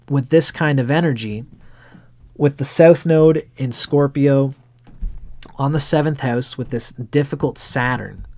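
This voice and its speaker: A man's voice: mid-range voice, darkish tone. A man giving an astrology chart reading on a livestream, talking in a blunt, rambling way and swearing casually.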